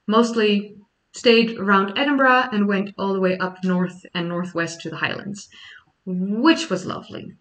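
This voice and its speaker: Dutch woman, young adult, mid pitch, casual chatty livestream host, sitting back from the mic. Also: fairly even intonation, a little slow, fairly bright tone, far from the mic, low-quality recording. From Netherlands. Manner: chatty, explains at length. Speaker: history YouTuber. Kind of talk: casual livestream chat answering questions.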